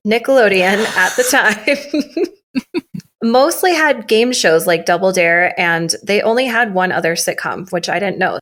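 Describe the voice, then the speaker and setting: A woman's voice: medium pitch, a bit bright. A young woman co-hosting a podcast in casual chat, joking and teasing herself and laughing often. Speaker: podcast co-host.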